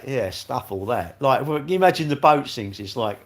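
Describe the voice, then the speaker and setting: A man's voice: medium pitch, expressive, moderate pace. An older English man hosting a casual livestream, reading out viewer comments and answering them with blunt, cheeky banter. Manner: banter, cheeky and blunt, dropping "mate" and "innit". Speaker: livestream host.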